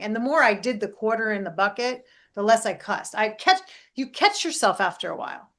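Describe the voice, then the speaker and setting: A middle-aged woman, a life coach and podcast host, talking in a casual, animated way and often checking in with "right?". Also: fairly high pitch, fast talker, hardly any pauses. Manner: animated, keeps adding "right?".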